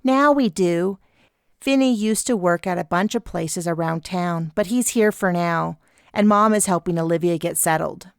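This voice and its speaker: A woman's voice: fairly low pitch, moderate pace, smooth, dry recording, studio quality, lightly acted. A woman voicing a chatty, teasing young woman with a breezy, playful manner.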